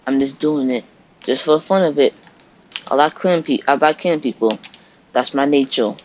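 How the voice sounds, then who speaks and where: Man voicing a boastful killer creature, calm and cold. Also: medium pitch, moderate pace, a little hiss or hum, close to an everyday voice. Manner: calm, boastful about killing. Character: cruel gleeful male killer creature. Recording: dull lo-fi recording.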